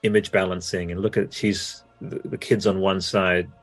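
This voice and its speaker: A man's voice: low-pitched, level tone, normal speed, dry recording, faint music behind. A man with an Australian accent, co-hosting a podcast in a casual, rambling and enthusiastic way with many fillers. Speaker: podcast co-host. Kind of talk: casual chat.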